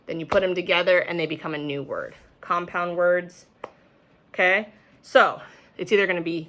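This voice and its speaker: A woman's voice: lowish voice, moderate pace, pushed and bright. A young woman teaching a remote phonics lesson to young children, patiently sounding out words, recorded on a camera mic at home.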